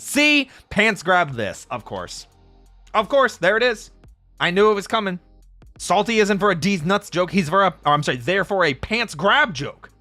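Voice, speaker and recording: A man streaming casually, chatting with viewers in an animated, jokey way and laughing often. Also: sits high, no echo. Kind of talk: casual live-stream chat answering viewers. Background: faint background music.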